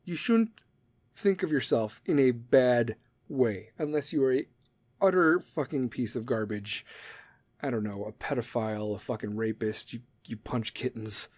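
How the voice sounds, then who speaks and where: A man's voice: mid-range voice, a little slow, a little mellow. A man in his thirties hosting a podcast, talking in a blunt, profane, rambling monologue that drifts off on tangents. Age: 30s. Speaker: podcast host.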